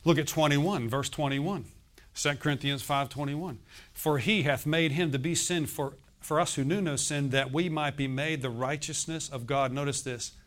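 A man's voice: on the high side, moderate pace, a bit bright. A man in his sixties preaching a sermon as pastor, emphatic and often asking the congregation to answer. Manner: emphatic, asks the congregation questions.

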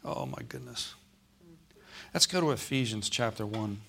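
A man's voice: mid-range voice, lively intonation, measured pace, gravelly, sharp tone, slight background noise. A male pastor preaching a Sunday sermon in a church, often calling out "Amen?" and "Okay?" to the congregation.

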